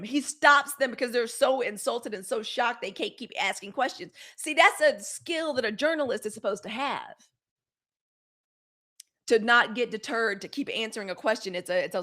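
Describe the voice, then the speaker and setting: A woman's voice: medium pitch, fairly bright tone. A middle-aged woman hosts a live news commentary stream, blunt, sarcastic and fiery, swearing freely and answering viewer comments. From United States. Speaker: host of a daily live news commentary show.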